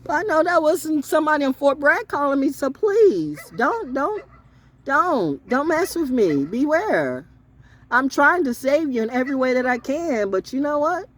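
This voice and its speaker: A woman storyteller rants straight to her camera with a very lively, swooping pitch. She lurches from loud, high outbursts down to low, muttered asides, cursing freely as she goes. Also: measured pace. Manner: profane, swinging from loud highs to low mutters. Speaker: online storyteller and broadcaster. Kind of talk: unscripted ranting monologue.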